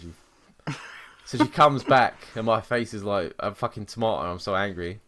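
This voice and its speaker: A man co-hosting a podcast, telling a story in a sweary, animated way and mocking the people he quotes. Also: lowish voice, moderate pace. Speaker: podcast co-host. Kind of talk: casual chat.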